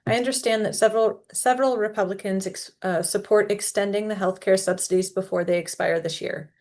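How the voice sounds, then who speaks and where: A woman moderating a virtual town hall, reading audience questions aloud in a plain, steady way. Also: medium pitch, a little fast.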